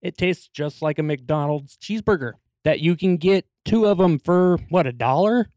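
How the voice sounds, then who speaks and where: Easygoing man with a slightly high voice. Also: moderate pace, darkish tone, dry recording. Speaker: podcast guest. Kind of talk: casual chat.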